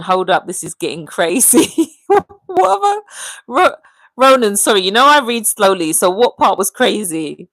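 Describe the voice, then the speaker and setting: A woman hosting a casual livestream, chatting and reading viewer comments aloud in a lively, animated way. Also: medium pitch, a little slow, no room sound, rough recording. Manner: chatty and animated, often calling out viewers' names. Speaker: livestream host.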